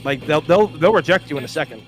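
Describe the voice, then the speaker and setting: A man's voice: fairly high pitch, expressive, fast talker. A young man co-hosting a gaming livestream, rambling casually with many fillers. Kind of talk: casual chat.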